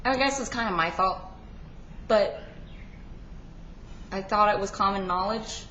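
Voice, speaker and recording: A woman's voice: medium pitch, a little slow, pushed and bright, slight background noise. A teenage girl chatting casually in a home vlog, sarcastic and rambling, with lots of filler words. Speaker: vlogger. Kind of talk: casual pet peeves vlog. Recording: echoey room, dull lo-fi sound.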